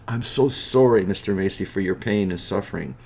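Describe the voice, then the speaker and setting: A man's voice: fairly low pitch, brisk, vocal fry, darkish tone. A man voicing a sly, scheming male slug seller who talks in an oily, wheedling, folksy way in a spoken storybook. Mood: falsely apologetic.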